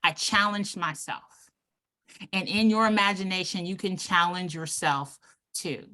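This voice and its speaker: A woman giving a motivational club speech, emphatic and deliberate, pausing between numbered points. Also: on the low side, bright, forceful tone. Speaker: club speaker.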